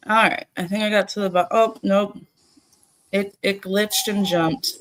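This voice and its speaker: Slow-talking woman host. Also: medium pitch, fairly even intonation. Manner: swears casually, laughs often. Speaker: livestream host. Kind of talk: casual live chat, greeting viewers.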